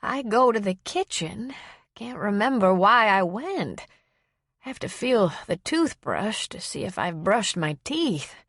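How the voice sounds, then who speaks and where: A woman narrator voicing a frail, forgetful elderly woman who speaks slowly and softly, with a wavering, apologetic manner. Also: mid-range voice, sing-song, dry recording, studio quality, full character voice. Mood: rueful. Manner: slow, soft, wavering speech.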